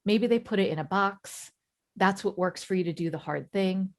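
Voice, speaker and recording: A woman in her forties leads a coaching webinar. Her voice sits low with plenty of vocal fry, and she talks in a conversational, reassuring way. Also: a little mellow. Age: 40s. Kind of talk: webinar talk.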